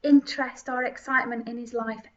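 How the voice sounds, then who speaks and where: A woman's voice: on the high side, steady tone, brisk. A woman giving mocking, giggly comedic commentary with theatrical asides. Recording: distant mic, dull lo-fi sound.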